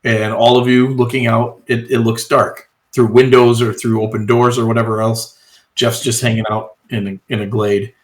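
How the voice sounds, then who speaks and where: A man narrating as game master of a tabletop role-playing game, relaxed and hesitant with frequent pauses. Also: mid-range voice.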